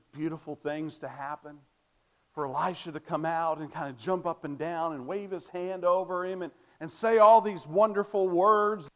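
A man preaching a sermon, emphatic and repetitive, asking rhetorical questions and stressing key phrases. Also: on the high side.

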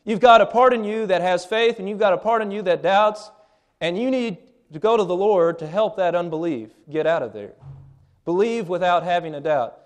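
A man's voice: high-pitched, moderate pace. A man in his thirties preaching a sermon in an earnest, plain-spoken way, often restarting his phrases.

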